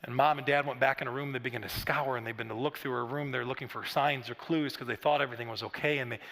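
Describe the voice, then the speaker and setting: A man's voice: medium pitch, steady tone, fast talker, fairly bright tone, big-room sound. A middle-aged man preaching a sermon in a conversational, storytelling way with frequent restarts and asides. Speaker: pastor. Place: large church auditorium.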